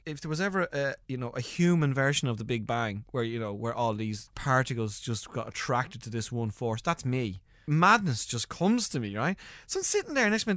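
A man's voice: medium pitch, no room sound, clean studio sound. An Irish man, a comedian, telling funny stories in a casual interview, laughing often and acting out the people in his stories. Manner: animated storyteller, laughs often, acts out voices. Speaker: comedian guest.

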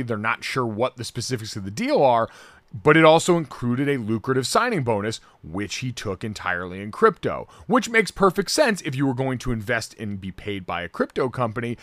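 An animated man co-hosting a sports podcast, his pitch swinging widely and his voice bright and forceful. He talks in a loose, sarcastic way and slips into loud mock outrage. The sound is dry and close, with no room echo. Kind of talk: casual sports talk.

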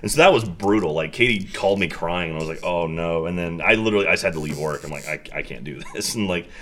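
A man's voice: deep voice, fast, fairly bright tone, a little hiss or hum. A man on a podcast telling an indignant story in casual chat, swearing as he goes. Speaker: podcast co-host.

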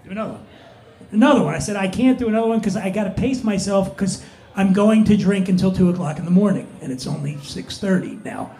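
A man telling a drinking story in a casual, animated panel chat, often laughing. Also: high voice, quick pace. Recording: roomy echo.

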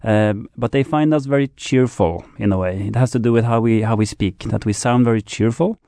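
Hesitant Norwegian guest, mellow voice. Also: male voice, mid-range voice, a little fast, no room sound, clean studio sound. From Norway. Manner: thoughtful, hesitant, many uh fillers. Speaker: guest guide. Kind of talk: casual talk-show chat.

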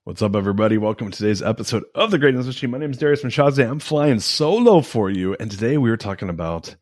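A man in his forties hosting a solo podcast, talking casually and with energy, swinging from hyped intros to low, reflective storytelling. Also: animated, quick pace, darkish tone, no echo. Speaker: podcast host.

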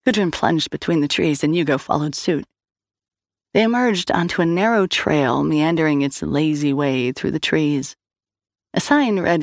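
A woman narrates a story with a wry, expressive delivery. Her pitch moves a lot across each sentence, and the recording is dry and close. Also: moderate pace, no room sound. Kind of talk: scripted audio-drama narration.

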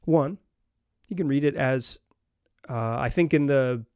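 A man's voice: mid-range voice, measured pace, darkish tone, clean tone, dry recording. A man hosting a sports podcast, talking casually and rambling with many restarts and fillers. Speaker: podcast host.

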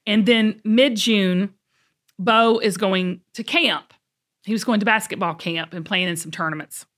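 A middle-aged woman, telling an animated story on a podcast. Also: medium pitch, a little slow. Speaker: podcast co-host.

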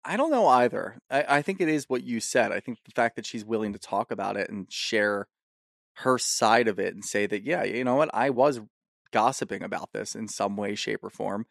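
A man's voice: lowish voice, gravelly, dry recording, clean studio sound. A man co-hosting a podcast, chatting casually and floating theories about a reality show. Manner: chatty, theorizing, quick to riff. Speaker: podcast co-host. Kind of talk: casual recap chat.

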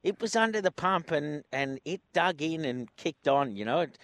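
Racing show host, dry studio sound. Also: male voice, fairly high pitch, expressive, normal speed, fairly bright tone, no room sound. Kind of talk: casual radio chat.

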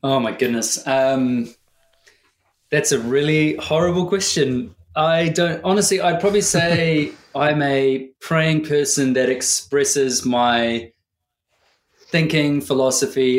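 Nz guy in his 30s, earnest and reflective, mid pitch, sounds like an echoey room. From New Zealand. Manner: thoughtful, earnest, pauses to find words. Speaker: podcast guest. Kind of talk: reflective interview answers.

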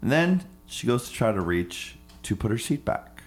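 A man's voice: very animated, normal speed, soft background music. A man telling a comic travel story, acting out the people he meets in mocking voices. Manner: acts out other people in high mocking voices.

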